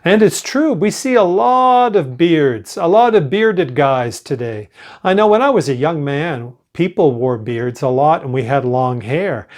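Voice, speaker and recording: An elderly man teaching English speaks slowly and distinctly, modeling example sentences that students then repeat. His pitch stays lively as he runs the pronunciation drill.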